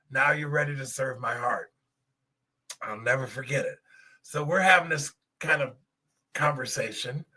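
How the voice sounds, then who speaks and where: A man's voice: medium pitch, pushed and bright, slightly rough. A middle-aged man hosting a podcast, telling a personal testimony in an earnest, emotional way and speaking straight to his listeners. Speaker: podcast host.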